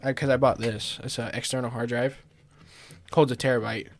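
A man's voice: mid-range voice, fairly even intonation, moderate pace. A young man hosting a casual podcast chat, laid-back and joking, laughing a lot. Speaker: podcast host.

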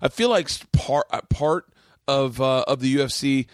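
Male podcast host, excitable and emphatic, mid-pitched, close and dry. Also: normal speed, no room sound. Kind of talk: casual chat.

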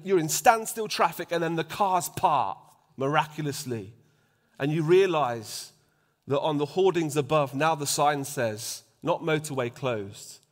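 Guy preaching, chatty sermon, kinda high voice, checks in with the crowd a lot, goes near-whisper sometimes. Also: fairly bright tone. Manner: conversational, asks the congregation for agreement; drops to a near-whisper for emphasis.

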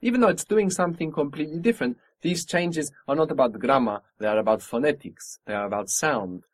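A man's voice: a little high, fairly quick, no room sound. A man teaching a spoken language lesson, patiently modelling pronunciation and encouraging his student.

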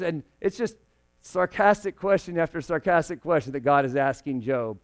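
A young man preaching a sermon to a room, moving between loud, emphatic lines and quiet, hushed ones. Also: fairly high pitch, animated, moderate pace.

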